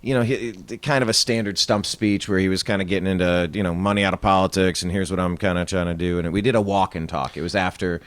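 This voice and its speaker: A man hosting an interview, speaking in a measured, reflective way and often trailing off quietly. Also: low voice, steady tone. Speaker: interview host. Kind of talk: casual interview chat.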